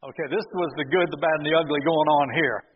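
A male pastor preaching a sermon, retelling the story with lively, sarcastic asides to the congregation. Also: fairly high pitch, fast, slightly rough, long reverb tail, phone-quality sound. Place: church sanctuary.

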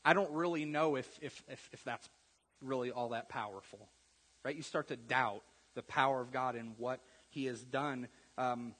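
A man preaching a conversational sermon, repeating words and swinging from quiet asides to loud emphasis. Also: mid-range voice, normal speed, slightly rough. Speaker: pastor. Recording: long reverb of a church hall.

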